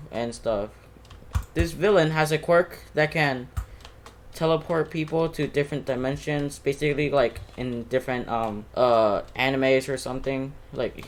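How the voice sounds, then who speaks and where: Hesitant male host, casual, filler-heavy, light hiss behind. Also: medium pitch. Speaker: channel host. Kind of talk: casual fan speculation.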